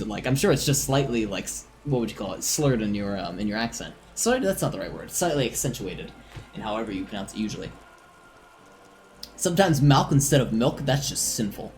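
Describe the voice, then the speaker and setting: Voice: medium pitch, very animated, fairly quick, a little hiss or hum. A giggly, chatty streamer with a tiring voice. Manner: chatty, giggly, self-deprecating. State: voice strained and tiring. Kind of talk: casual live-stream chat.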